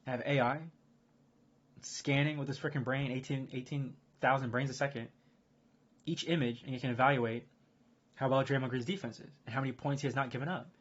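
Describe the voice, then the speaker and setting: Guy rambling fast on his stream, kinda husky, muffled audio. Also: medium pitch. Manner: rambling, excitable, lots of fillers and restarts. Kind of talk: casual chat to a live stream.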